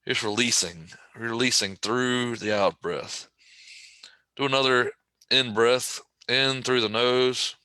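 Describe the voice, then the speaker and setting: A man leading a guided breathing meditation, speaking slowly and gently with casual asides to the listener. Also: medium pitch, clean tone, no echo. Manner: slow, gentle, calm guidance with casual asides.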